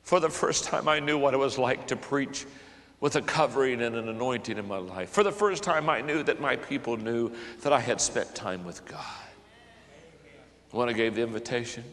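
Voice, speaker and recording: An older man preaching to a conference, moving between hushed storytelling and fervent, raised passages. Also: mid-range voice. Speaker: pastor. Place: conference hall. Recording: large hall with long reverb.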